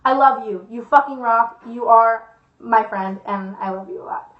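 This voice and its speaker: A young woman tells a story on her channel in a high voice, dramatic and full of swearing and fillers. The sound is roomy and echoey, and the recording is a little dull and lo-fi. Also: moderate pace. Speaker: YouTuber. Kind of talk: storytime vlog.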